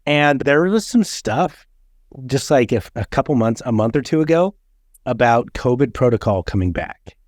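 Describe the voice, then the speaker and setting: This podcast host, a man in his thirties, has a mid-range, darkish voice with lively intonation and a moderate pace. His talk is casual and blunt, peppered with swearing as he tells stories. The studio sound is clean, with no echo.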